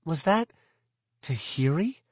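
A man's voice: a little high, lively intonation, slow pace, no room sound, studio quality, pitched above the performer's own voice. A man voicing a wry young woman Jedi pilot in an audiobook reading, with short clipped replies. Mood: surprised.

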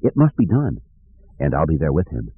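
A man voicing a calm, forceful male Jedi master who speaks solemnly and firmly. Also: a bass voice, moderate pace, slightly rough, no echo, pitched below the performer's own voice, heavily acted. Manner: solemn and firm. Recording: dry tinny phone-like audio.

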